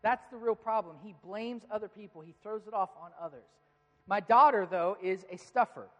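A man in his thirties preaching a sermon, telling stories about his children and acting out their lines with animated voices. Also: high voice, normal speed, lo-fi sound. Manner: storytelling, animated when quoting his kids. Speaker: pastor. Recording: long reverb of a large hall.

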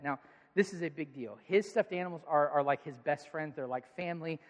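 A man's voice: a little high, fairly quick. A man in his thirties preaching a sermon, telling family stories in an earnest, conversational way. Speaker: pastor. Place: church auditorium with audience. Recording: long hall reverb.

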